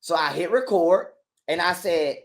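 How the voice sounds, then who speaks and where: A man telling a long story in a casual interview, animated and full of cursing and repetition. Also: fairly high pitch, measured pace, vocal fry. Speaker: guest telling his story.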